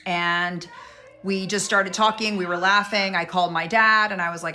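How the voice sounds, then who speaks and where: Bright-voiced woman telling a story. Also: medium pitch, brisk, slight background noise. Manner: chatty, acts out both sides of a conversation. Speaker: vlogger telling a personal story. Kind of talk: casual storytelling.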